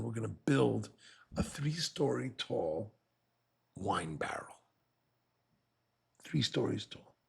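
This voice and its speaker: Guy preaching, telling a parable with lots of up and down, very gravelly husky voice. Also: mid-range voice. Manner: animated storyteller acting out the characters. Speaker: rabbi. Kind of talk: sermon storytelling.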